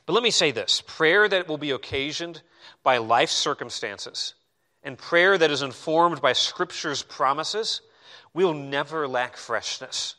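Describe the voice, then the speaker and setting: Man, pastor, sermon, bright forceful voice, slightly high pitch, animated conversational preaching. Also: unhurried. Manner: animated, conversational preaching with self-deprecating asides.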